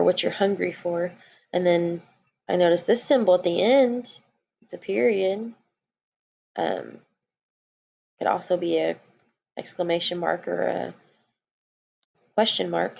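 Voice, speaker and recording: A woman's voice: fairly low pitch, gravelly, a little mellow, dull audio. A woman teacher giving a recorded lesson to young children, explaining patiently.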